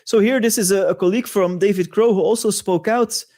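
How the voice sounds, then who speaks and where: A man hosts a monologue-style commentary show, speaking in a high-pitched, brisk yet mellow voice. He talks conspiratorially, dropping rhetorical asides as he goes.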